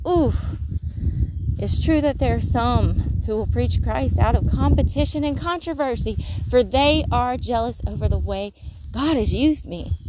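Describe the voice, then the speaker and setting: A Southern woman with a Mississippi drawl chats about her faith in short, restarting bursts. She is outdoors in the countryside and sometimes reads scripture aloud. Her voice sits at an ordinary middle pitch, with faint outdoor noise behind it. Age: adult, has kids. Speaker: vlogger. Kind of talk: casual faith vlog with Bible reading.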